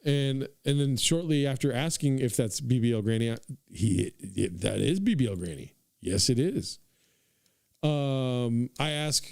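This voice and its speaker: A man's voice: medium pitch, lively intonation, a little slow, gravelly, a little mellow, no room sound, studio quality. A young man hosting a podcast, telling a comic story in a rambling, profane way, full of "dude" and asides to his listeners. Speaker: podcast host. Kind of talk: casual comedic storytelling.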